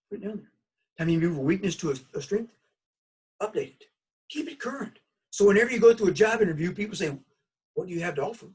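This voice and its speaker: A man's voice: a little high, slightly rough, recorded from a distance. A man with a Southern US accent giving a recorded college course lecture in a folksy, conversational way. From United States. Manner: folksy, conversational, animated storytelling. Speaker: college instructor.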